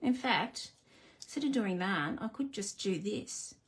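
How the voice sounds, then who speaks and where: Her mid-range voice is animated but measured in pace as she hosts a live card-making stream. She keeps up a chatty, self-deprecating patter with viewers, laughing at herself while she works.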